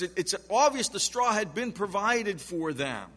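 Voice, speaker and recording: Pastor, male, high bright tenor, slow deliberate emphatic sermon delivery, long hall reverb. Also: big pitch swings. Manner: emphatic preaching with rhetorical questions. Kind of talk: expository sermon.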